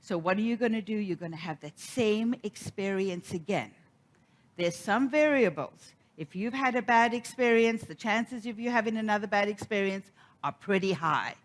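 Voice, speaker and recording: A woman's voice: mid-range voice, animated, moderate pace. A middle-aged woman giving a sermon, telling a personal story and acting out the quoted voices. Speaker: minister.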